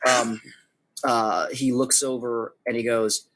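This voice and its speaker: A man's voice: medium pitch, level tone, slow pace, fairly bright tone, rough recording. A man narrating as game master in a casual way, with fillers and restarts. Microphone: home microphone, online call.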